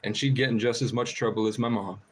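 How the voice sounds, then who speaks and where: A man talking to his live-stream chat in a loose, rambling way. He swears freely and laughs often between stories. His voice sits at a middling pitch, with a faint hiss of background noise. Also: fairly even intonation, fast talker.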